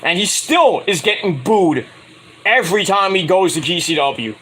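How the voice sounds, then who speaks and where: A man's voice: high voice, expressive, normal speed, a bit bright, husky, poor audio. A man ranting in a casual, rambling, profane style as a wrestling vlogger.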